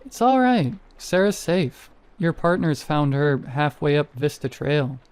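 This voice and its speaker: A man voicing a calm male park ranger who talks in a steady, soothing way. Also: on the high side, measured pace, clean tone, no echo. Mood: reassuring.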